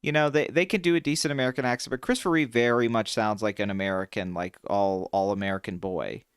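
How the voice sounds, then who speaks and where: Smooth-voiced man in animated chat. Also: fast talker, no echo, clean studio sound. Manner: animated, swears freely, jumps in pitch when excited. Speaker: podcast co-host. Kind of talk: casual chat.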